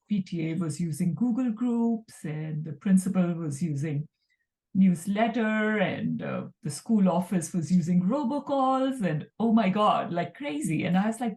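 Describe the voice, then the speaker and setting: A middle-aged woman from India, a guest speaking in a relaxed, thoughtful way with many fillers. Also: lowish voice. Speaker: guest entrepreneur. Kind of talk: casual interview talk.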